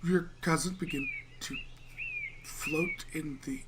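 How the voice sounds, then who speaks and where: A man runs a tabletop game, narrating in a loose, rambling way full of fillers. His voice sits a bit high. Faint noise hums behind him. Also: wildly swooping pitch, slow pace, a bit bright. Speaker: game master.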